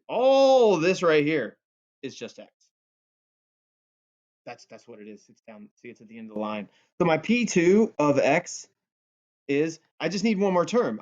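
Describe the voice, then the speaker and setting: Playful math teacher man, lo-fi audio. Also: medium pitch. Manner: playful and goofy, jokes with students. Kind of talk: recorded calculus lesson. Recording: dull lo-fi audio.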